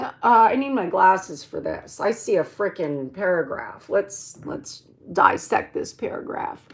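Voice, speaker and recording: A woman's voice: medium pitch, lively intonation. A woman hosting a live stream, demonstrating stretches in a loose, joking, slangy way. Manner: chatty, joking, slangy, drawn-out. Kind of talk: casual live-stream exercise demo. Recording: echoey room.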